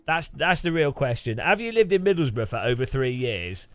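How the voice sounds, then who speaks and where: A man's voice: mid-range voice, big pitch swings, moderate pace, faint music behind. A man chatting and joking with viewers while sim racing, laughing often. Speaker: streamer.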